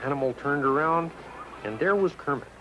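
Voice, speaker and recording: A man narrating a children's storybook in an expressive, scripted read-aloud style. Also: a little high, normal speed, music in the background, low-quality recording.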